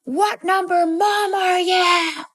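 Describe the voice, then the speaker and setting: A woman's voice: steady tone, slow pace, full character voice. A woman doing a shrieking little girl. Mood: frantic. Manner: shrill, frantic yelling. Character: small girl screaming in distress.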